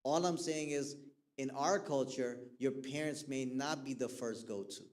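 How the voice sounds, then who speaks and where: A man's voice: mid-range voice, a little slow, darkish tone. A man who counsels young people, giving a casual talk to a youth group that keeps checking in with the listeners and acts out the people he quotes. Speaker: mental health counselor speaking to youth.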